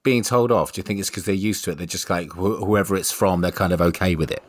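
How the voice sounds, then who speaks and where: A woman co-hosting a podcast with frank, sweary, quick reactions. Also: a bass voice. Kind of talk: casual chat.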